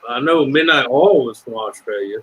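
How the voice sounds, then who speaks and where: A man's voice: medium pitch, lively intonation, normal speed, phone-quality sound, a little hiss or hum. A middle-aged man with a Southern US accent, chatting casually and rambling, swearing freely and trailing off. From Ohio. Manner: rambling, swears freely, breaks into singing lines. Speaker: livestream chat guest. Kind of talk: casual chat.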